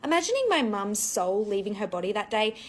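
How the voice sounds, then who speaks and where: A woman's voice: mid-range voice, sing-song, a little fast. A young married woman telling a childhood story in a wry, matter-of-fact way. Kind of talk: casual storytime.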